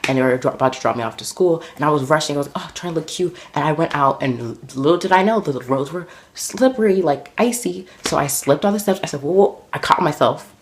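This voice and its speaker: A man vlogging, telling embarrassing stories in an animated, dramatic way, full of fillers. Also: a little high, quick pace, few pauses, a little hiss or hum. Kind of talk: casual storytelling to camera.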